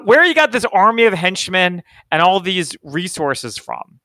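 A man's voice: sits high, very animated, a little slow, sharp tone, no echo. A man co-hosting a casual podcast chat, wry and joking, asking pointed questions. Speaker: podcast co-host.

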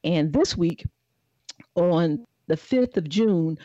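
Deadpan woman podcast co-host. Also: lowish voice, slow, no room sound, muffled recording. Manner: playful, deadpan teasing. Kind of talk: casual comedic chat.

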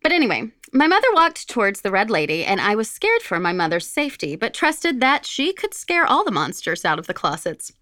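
A woman's voice: medium pitch, big pitch swings, fairly quick, few pauses, bright, forceful tone, no room sound, clean studio sound. A woman co-hosting a podcast, reading a listener's spooky story aloud and giggling as she chats. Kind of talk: casual chat and story reading.

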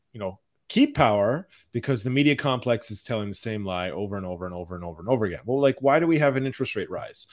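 A man hosting a podcast, talking politics in an indignant, questioning way, with lots of fillers. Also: on the low side. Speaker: podcast host.

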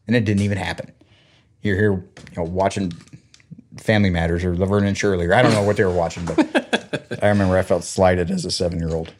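Speaking quickly in a lowish register, a man in his thirties from Georgia, US, swaps family tales in an easygoing conversation. His retelling is lively, and he imitates the voices of the relatives he quotes.

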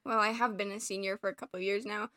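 A woman's voice: medium pitch, steady tone, fast, pushed and bright. A woman in her twenties chatting casually as a player, rambling with lots of fillers and laughs. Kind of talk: casual chat.

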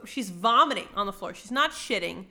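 Bright-voiced young woman recapping a book. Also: medium pitch, animated. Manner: crude, giggly, acts out characters in quick voices. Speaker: podcast co-host recapping a book. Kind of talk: casual chat, retelling with quoted voices.

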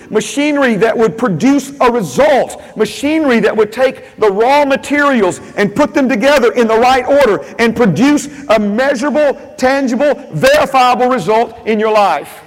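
A man's voice: very high voice, long reverb tail. A man preaching a sermon as pastor, emphatic and repetitive, with frequent amens.

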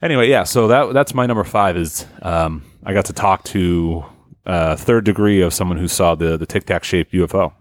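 A man's voice: sits low, moderate pace, no room sound, clean studio sound. A man co-hosting a casual podcast chat, rambling and swearing as he tells a story with many restarts. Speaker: podcast co-host.

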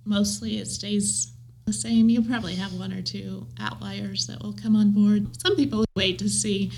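A woman's voice: mid-range voice, little pitch movement, normal speed, creaky, a little mellow, breathy edge, poor audio. A woman with an American Midwestern accent, answering interview questions in a reflective, earnest way. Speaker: guest, leadership trainer.

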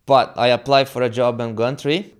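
A young adult man from Brazil, Portuguese being his first language, with a Brazilian accent, being interviewed and animatedly acting out quoted dialogue in halting English. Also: mid-range voice, smooth. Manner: animated, acts out quoted dialogue, halting non-native phrasing. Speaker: guest. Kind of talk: casual storytelling interview.

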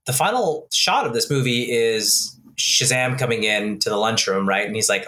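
A man's voice: medium pitch, expressive, moderate pace, few pauses, bright, forceful tone. A man in casual conversation about movies, chatty and hesitant, asking his co-host questions. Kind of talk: casual chat.

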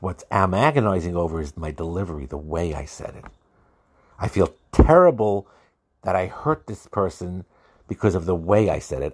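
A man with a fairly low voice gives an earnest Torah lecture on married life. He circles back over his points and repeats words as he builds them, dropping Hebrew and Yiddish terms into plain spoken English. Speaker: Torah teacher.

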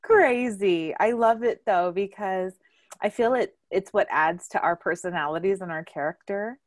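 A woman's voice: mid-range voice, moderate pace, no room sound, studio quality. A young adult woman hosting a casual family chat, telling stories with lots of laughter. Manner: animated storyteller, laughs often, acts out quotes loudly. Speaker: podcast host.

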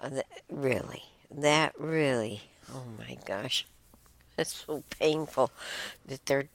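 A woman's voice: rumbling low, slow pace, dry recording. A woman hosting a casual solo talk show, rambling and exclaiming with chuckling asides. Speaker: host.

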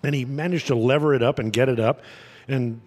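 A man telling a long anecdote as a podcast guest, halting with fillers and chuckling at his own punchlines. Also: medium pitch, fairly even intonation, a little mellow. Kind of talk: casual anecdotal storytelling.

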